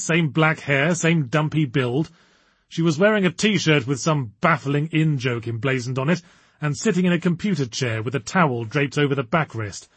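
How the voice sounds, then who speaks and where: A man reading a story aloud in measured, wry narration. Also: on the high side, breathy edge, dry recording. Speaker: audiobook narrator. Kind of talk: scripted narration.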